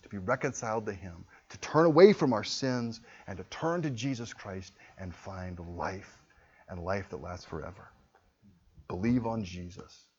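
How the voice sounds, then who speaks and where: A male pastor preaching to his congregation in a slightly husky voice. He swings between lively, acted-out quotes and hushed, earnest appeals. The recording is a little dull and lo-fi. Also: on the low side. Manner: animated, acts out quoted voices, drops to quiet intensity. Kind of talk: sermon. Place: church hall with a congregation.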